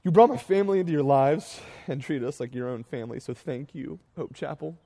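A man's voice: a little high, gravelly, mellow. A young man as a pastor giving a farewell sermon, building through emphatic repeated phrases, his voice catching with emotion. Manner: builds to rising emphatic repetition, then tearful and halting.

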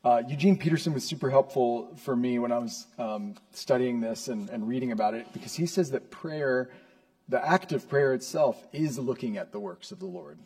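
A pastor preaches a sermon from the pulpit in an ordinary-pitched voice with a dark tone. His earnest delivery moves from measured explanation up to emphatic high points.

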